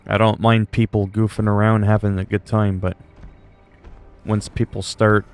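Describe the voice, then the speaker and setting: A man's voice: fairly low pitch, flat delivery, normal speed, soft background music. A man chatting casually on a game livestream, rambling and swearing freely. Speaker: game streamer.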